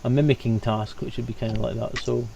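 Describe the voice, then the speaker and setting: A man narrating and refereeing as game master, in a relaxed way with hesitant fillers. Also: medium pitch, quick pace, creaky, background noise.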